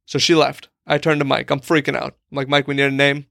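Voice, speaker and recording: Fast and creaky, his mid-range voice holds a level tone and a bit of brightness as this young podcast co-host tells a long comic story. It rambles, is peppered with "like" and acts out quotes, recorded in a clean studio with no room sound.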